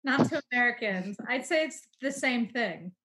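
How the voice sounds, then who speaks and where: A woman's voice: on the high side, expressive, normal speed, fairly bright tone, rough recording. A woman co-hosting a podcast, dry and matter-of-fact in casual chat.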